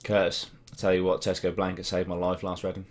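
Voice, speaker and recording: Deep-voiced laddish young Norwich man. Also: monotone, fast. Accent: English, Norwich. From Norwich, England. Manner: laddish, swearing banter. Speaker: streamer. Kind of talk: casual live-stream chat reading comments.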